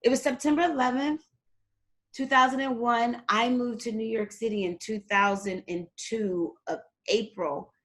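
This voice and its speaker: A middle-aged woman telling her story as a guest in a casual interview, lively and acting out the people she quotes. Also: normal speed. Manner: animated, acts out quotes with big jumps in pitch. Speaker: guest, performer and fitness trainer.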